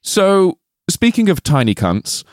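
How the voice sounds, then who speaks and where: A man's voice: sits high, very animated, slow pace, no room sound, studio quality. A man co-hosting a comedy film podcast, swearing, joking and laughing often in casual chat. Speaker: podcast co-host.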